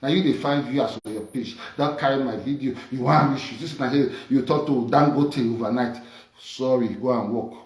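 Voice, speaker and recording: Speaking Nigerian Pidgin English, this vlogger delivers a mocking, confrontational monologue packed with repeated jeers. Her voice rumbles low with a darkish tone at normal speed, and the room is reverberant.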